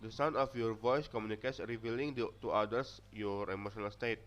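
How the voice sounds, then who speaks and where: With faint music behind him, a young adult man whose mother tongue is Indonesian reads a student presentation from notes, often stumbling and restarting. His lowish voice is a bit bright, fairly even in intonation, and fairly quick, with an Indonesian accent, on dull lo-fi audio.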